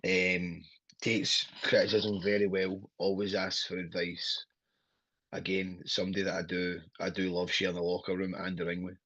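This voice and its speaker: A Scottish man with a husky, low-pitched voice chats as a podcast guest, blunt, sweary and quick to laugh. The audio is dry and dull, with a lo-fi feel. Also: little pitch movement, pushed and bright, no echo. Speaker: wrestler guest. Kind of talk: casual podcast chat.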